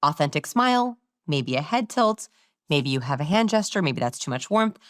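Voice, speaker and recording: A woman guest explaining body language in an interview, animated and sometimes acting out how others talk. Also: sits low, moderate pace, no room sound, studio quality. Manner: animated, demonstrates voices while explaining.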